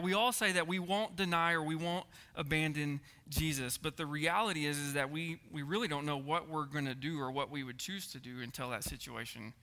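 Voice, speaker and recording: Earnest male preacher, slightly high and bright, in a reverberant church hall. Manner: earnest, repeats words and asks the room "right?". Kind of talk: sermon.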